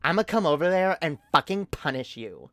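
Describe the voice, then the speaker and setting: Bratty valley girl as a streamer puts her on, snobbish, boastful, swearing threats, pitched up, brighter. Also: very animated, a little fast, no echo. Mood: bratty threatening.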